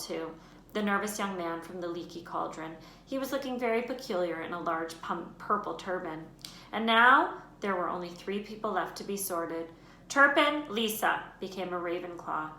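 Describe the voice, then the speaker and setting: Brief: expressive woman teacher reading aloud, bright and slightly low, in a roomy space. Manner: expressive, lifts her voice for names and shouts. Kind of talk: children's book read-aloud. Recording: roomy room echo, faint noise.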